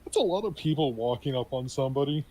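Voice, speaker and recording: A man playing a tabletop role-playing game, thinking through the story out loud. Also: mid-range voice, expressive, fast, husky, low-quality recording. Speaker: player.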